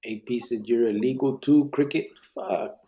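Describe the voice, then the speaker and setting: A man's voice: mid-range voice, moderate pace, mellow, slightly rough. A man hosting a casual live podcast, reading chat comments aloud in a laid-back way, swearing freely and dropping Spanish words.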